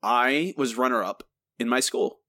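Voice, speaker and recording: A man's voice: medium pitch, unhurried, bright, forceful tone, dry recording, studio quality. A man co-hosting a podcast in casual, chatty talk, often laughing. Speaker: podcast co-host. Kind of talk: casual chat.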